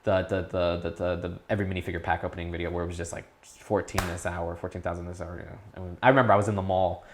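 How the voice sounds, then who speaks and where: A young man in his teens talking casually as an interview guest, rambling with restarts and perking up when excited. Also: sits low, very fast, noisy background. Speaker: YouTube creator, guest.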